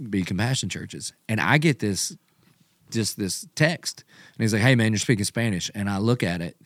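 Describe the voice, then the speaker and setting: A man's voice: fairly low pitch, no room sound, studio quality. A man telling a story in a casual podcast chat, acting out what he and others said. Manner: animated storyteller, quotes himself and others. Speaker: pastor and podcast host.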